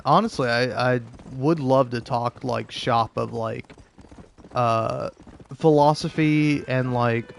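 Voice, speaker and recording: A man's voice: mid-range voice, slight background noise. A young man streaming a game, rambling in casual chat with lots of fillers and restarts, sarcastic and profane.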